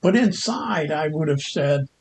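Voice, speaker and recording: Older guy rambling thru a personal story, kinda high voice, lots of stops and restarts, faint hiss. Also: expressive, gravelly. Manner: halting, with frequent restarts and pauses. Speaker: Christian commentator and lawyer.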